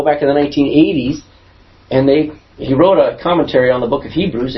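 A man teaching a Bible class as pastor, asking the class questions and stressing points in a conversational way. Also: mid-range voice. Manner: asks the class questions, lively emphatic delivery. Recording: dull lo-fi recording.

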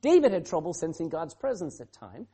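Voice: medium pitch, big pitch swings, fairly quick, mellow, breathy edge. A pastor preaching a sermon, asking the congregation rhetorical questions and acting out quoted speech.

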